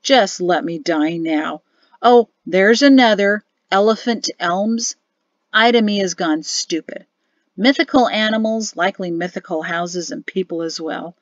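A woman's voice: mid-range voice, unhurried, dry recording, lightly acted. Lady narrator doing a grumpy middle-aged officer husband, sarcastic moaning, muffled dry sound. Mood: grumbling. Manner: sulky, sardonic complaining. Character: grumbling middle-aged army officer father.

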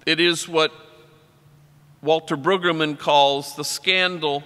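A middle-aged man, a priest, telling wry stories in a religious talk and slowing down for his punchlines. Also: fairly high pitch, steady tone, pushed and bright. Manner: wry, anecdotal, slows down for punchlines. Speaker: priest giving a keynote talk. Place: large convention hall. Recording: long reverb of a large hall.

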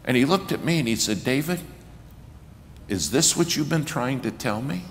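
A man preaching a sermon in a church, telling a story with lively acted-out quotes that build to loud, raised passages. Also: medium pitch, moderate pace, a little hiss or hum. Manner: animated storyteller acting out quotes, rising to shouts. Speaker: guest preacher. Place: church sanctuary. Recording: reverberant church hall, faint ambience.

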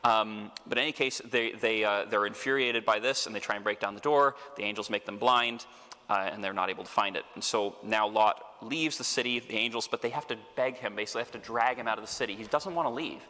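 A man, a priest, giving a Bible study lecture in an animated way with chuckling, humorous asides. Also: on the low side, quick pace, in a large hall.

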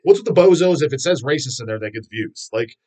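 A man's voice: mid-range voice, animated, fast talker, a little mellow. A man hosting a metal video channel, ranting in a rambling, profane and scornful way. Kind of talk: casual ranting vlog.

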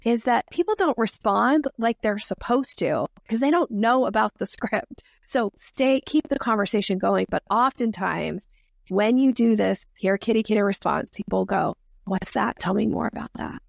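A woman's voice: mid-range voice, moderate pace, creaky, no room sound, studio quality. A woman sales expert, a podcast guest, explaining her method with acted-out example dialogues. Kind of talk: podcast interview.

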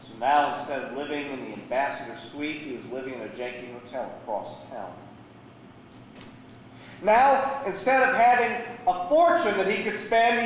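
A man's voice: high-pitched, recorded from a distance, a little hiss or hum. A man, a guest preacher, telling a sermon story with dramatic, varied delivery in a church sanctuary. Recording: echoey church hall.

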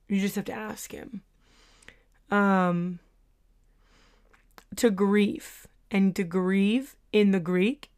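A woman speaks in a devotional teaching talk. Her voice sits at an ordinary middle pitch, and she takes her time. She is earnest and a little hesitant, pausing on soft filler sounds as she gathers her thoughts. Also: clean tone. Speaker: Christian teacher.

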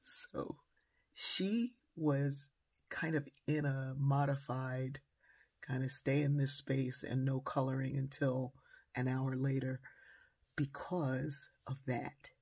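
An older woman giving a motivational talk as a storyteller, animated and acting out the voices of the people in her story. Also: a bass voice, takes it slowly, breathy edge. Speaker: motivational speaker.

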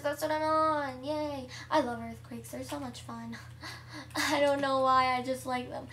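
Excitable high-voiced young gamer girl. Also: unhurried, far from the mic. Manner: excitable, chatty, shrieks at game events. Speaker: gameplay vlogger. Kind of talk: casual gameplay commentary.

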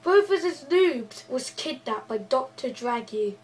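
A woman's voice: sits high, lively intonation, slow, darkish tone, recorded from a distance, low-quality recording. A woman hosting and playing her part in a casual game role-play, hesitant, with frequent restarts and playful groaning. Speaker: host and role-player.

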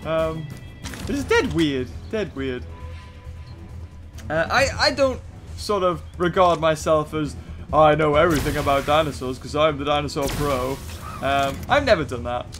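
A man's voice: a little high, a bit bright. A young man chatting casually and rambling with self-mocking humor while commentating on a game he is playing. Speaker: gaming channel host.

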